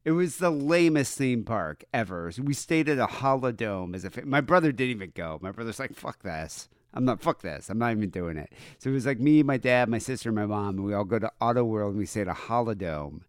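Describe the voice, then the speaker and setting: A man's voice: mid-range voice, quick pace, few pauses, clear, resonant tone, no echo, studio quality. A man from Michigan co-hosting a podcast, telling stories in casual chat with lots of fillers. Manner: rambling, animated storytelling with many fillers. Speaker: podcast co-host.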